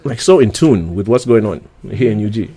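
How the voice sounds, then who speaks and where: A man's voice: lowish voice, expressive, fairly quick, warm tone, slightly rough, no room sound. A man hosting a casual interview, talking loosely with lots of stammered restarts and frequent laughter. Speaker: radio show host.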